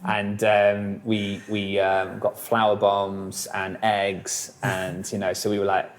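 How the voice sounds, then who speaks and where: A man's voice: lowish voice, completely flat delivery, slow. A man, a musician guest telling rambling stories in a casual interview, full of fillers and swearing.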